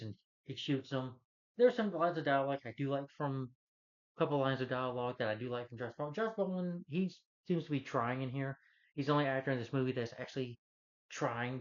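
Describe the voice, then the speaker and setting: Male reviewer, average pitch, rambling casual recap rant, muffled lo-fi sound. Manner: rambling, loose retelling full of "he's like". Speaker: movie reviewer. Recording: dull lo-fi recording.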